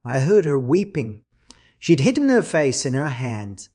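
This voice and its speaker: A man's voice: mid-range voice, very animated, unhurried, mellow. Dramatic male audiobook narrator. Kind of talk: expressive audiobook reading.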